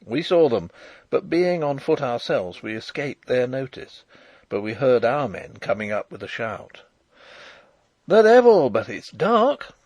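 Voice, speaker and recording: A man reading a novel aloud as an audiobook narrator, in a measured, dramatic storytelling manner. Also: mid-range voice, darkish tone, dry recording, dull audio. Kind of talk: first-person audiobook narration.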